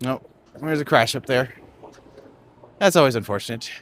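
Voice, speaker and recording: A man's voice: mid-range voice, normal speed, fairly bright tone, slight background noise. A man from Canada, a tour guide, chatting and joking while walking uphill outdoors. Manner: joking and chatty, laughs often. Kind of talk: casual chat while walking.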